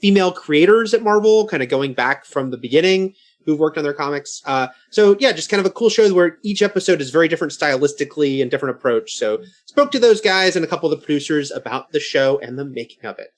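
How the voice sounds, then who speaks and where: Male panelist, high register, loose and chatty delivery. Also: lively intonation, quick pace. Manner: loose, filler-heavy, chatty. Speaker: entertainment panelist and interviewer. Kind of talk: casual chat.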